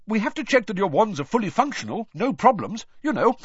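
A man's voice: high voice, big pitch swings, a little fast, breathy edge, dry recording, highs cut off, pitched above the performer's own voice, full character voice. A man voicing a jovial, bouncy middle-aged official.

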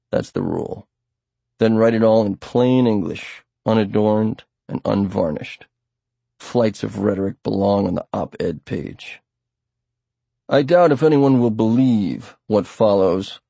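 A man narrating an audiobook in a steady, plain storytelling manner. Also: fairly low pitch, vocal fry, husky, dry recording. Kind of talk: scripted narration.

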